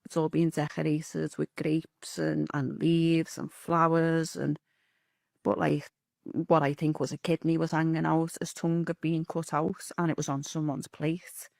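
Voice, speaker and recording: A woman with a Scouse accent tells a story in a loose, rambling way, swearing freely as she goes. Her voice has a gravelly fry. The recording is dry and close. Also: low voice, little pitch movement, unhurried, a little mellow, no room sound. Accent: Liverpool (Scouse). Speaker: interview guest telling a story. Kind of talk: casual storytelling.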